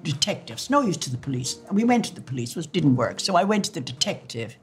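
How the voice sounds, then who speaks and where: An older woman with an Irish accent tells her stories with spirit, slipping into the voices of the people she remembers. Her voice sits a little low, and soft music plays faintly underneath. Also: sing-song, quick pace. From Ireland. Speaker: interviewee. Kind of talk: personal storytelling.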